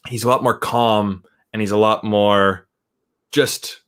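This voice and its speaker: A man's voice: lowish voice, steady tone, slow pace, fairly bright tone, smooth. A man who is a guest film critic chatting casually, rambling along and often checking in with "right?". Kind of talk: casual chat.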